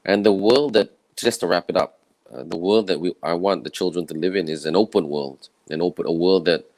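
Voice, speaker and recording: A man from Malaysia with a croaky, tired voice, giving an earnest, rambling personal talk from home. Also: deep voice, brisk, a little mellow, no echo, rough recording. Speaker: event speaker. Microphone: own camera and microphone setup.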